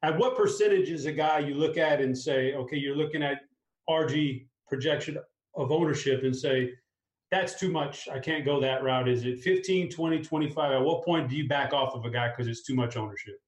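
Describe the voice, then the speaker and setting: A man hosting a casual fantasy sports chat, upbeat and talking his picks through out loud. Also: medium pitch, a little fast, echoey room, rough recording. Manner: upbeat, talks through a lineup aloud. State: clearing a tickle in his throat. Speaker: fantasy sports show host.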